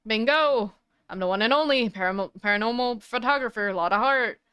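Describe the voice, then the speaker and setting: Brash southern photographer gal, voiced by a woman reading a game's dialogue aloud, loud, folksy, crisp tone. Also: fairly high pitch, fairly quick, no echo, studio quality. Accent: put-on American Southern.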